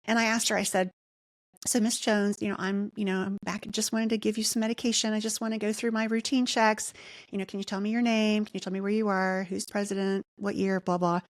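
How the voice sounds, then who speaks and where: A woman's voice: mid-range voice, level tone, a little fast, no echo, studio quality. Earnest woman telling a personal story. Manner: earnest storytelling, reenacting her own thoughts and quoting others. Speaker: podcast guest, nurse anesthetist. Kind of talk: personal testimony in an interview.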